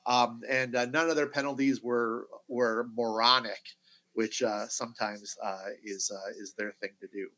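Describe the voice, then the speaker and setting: A middle-aged man co-hosting a sports podcast, talking casually and haltingly with many fillers and restarts. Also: medium pitch, steady tone, pushed and bright, poor audio. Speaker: podcast co-host.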